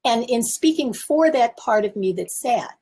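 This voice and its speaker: A woman's voice: a little high, expressive, moderate pace, dark tone, husky. A woman in her seventies, a therapist and teacher, giving candid, self-reflective coaching talk from her office. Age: 70s. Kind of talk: casual talk to camera.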